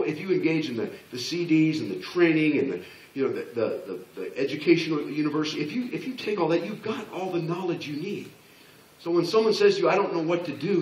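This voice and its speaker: Animated male business speaker, echoey room. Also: fairly high pitch, far from the mic. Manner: animated, repeats and restarts, acts out people's replies. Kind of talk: motivational presentation to an audience. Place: large room before a live audience.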